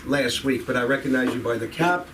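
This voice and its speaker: A man's voice: medium pitch, brisk, fairly bright tone, recorded from a distance, slight background noise. A man doing crowd-work stand-up on a club stage, rambling and profane as he teases people in the audience. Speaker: stand-up comedian.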